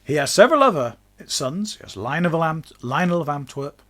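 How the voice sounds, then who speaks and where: A man's voice: on the high side, big pitch swings, fairly quick, sharp tone. A man, hosting a podcast and explaining history in a chatty, jokey way, laughing now and then. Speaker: podcast host.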